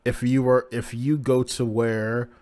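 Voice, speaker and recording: A man's voice: mid-range voice, flat delivery, unhurried, darkish tone, natural voice. A man reading the lines of a fierce, tearful young maid from a manga in his own voice. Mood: threatening.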